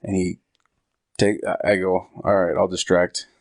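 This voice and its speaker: A man's voice: sits low, flat delivery, unhurried, vocal fry, no echo, studio quality. A man hosting a podcast, rambling through a comedic story and acting out the quotes in voices.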